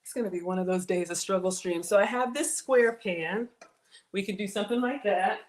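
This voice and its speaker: A chatty woman with a Southern US drawl talks straight to her livestream viewers as she gets ready to bake. She reads out their comments, thanks them again and again, and often stops mid-sentence to start over. Her pitch sits in the middle range for a woman. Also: fairly quick. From Southern United States. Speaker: livestream cooking host. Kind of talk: casual livestream chat.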